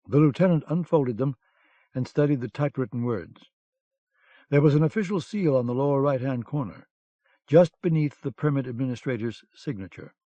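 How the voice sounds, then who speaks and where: A man narrating an audiobook with a measured, dramatic reading, recorded on a dull lo-fi cassette. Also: mid-range voice, warm tone, no room sound.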